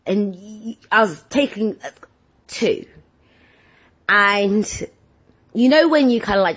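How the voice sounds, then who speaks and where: A woman vlogger telling everyday stories in a rambling, animated, self-deprecating chat. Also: mid-range voice, breathy edge. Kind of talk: casual chatty monologue. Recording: dull lo-fi sound.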